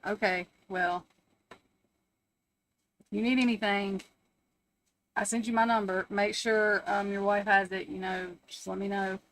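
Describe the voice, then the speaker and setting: A woman's voice: mid-range voice, level tone, unhurried, pauses often, fairly bright tone. A woman hosting a casual live stream from home, chatting, swearing freely, laughing often and answering her chat.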